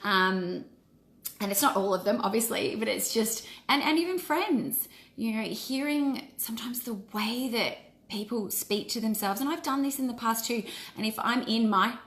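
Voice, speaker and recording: A woman's voice: fairly high pitch, normal speed, a bit bright. A woman in her forties, a wellness coach, giving an earnest and encouraging casual live-stream talk. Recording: roomy echo.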